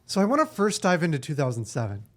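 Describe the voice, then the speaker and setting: A male podcast host in a fairly high voice. He asks his guest curious, open questions about his past. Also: wildly swooping pitch, quick pace. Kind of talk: podcast interview.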